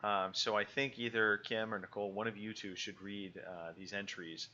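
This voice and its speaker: A man's voice: on the low side, fairly even intonation, moderate pace, bright, forceful tone, muffled recording. A man co-hosting a podcast in a loose, joking chat full of fillers. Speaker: podcast co-host.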